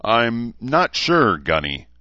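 A man voicing a remorseful young soldier who speaks quietly and plainly. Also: medium pitch, sing-song, slow, no echo, lo-fi sound, pitched above the performer's own voice, full character voice. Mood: subdued. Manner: quiet, subdued.

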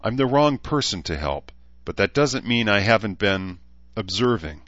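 A man voicing a calm, thoughtful male noble commander who explains things in a reasoned, measured way, in an audiobook. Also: on the low side, dry recording, muffled recording, voice pushed up. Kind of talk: audiobook character voice.

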